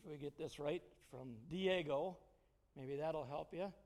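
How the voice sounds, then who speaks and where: A middle-aged man with a fairly high voice gives a homespun sermon, spinning personal stories and chuckling as he goes. His voice carries a long reverb, as if heard through a church hall. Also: a little slow, a little mellow. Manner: folksy, storytelling, chuckles often. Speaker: church speaker.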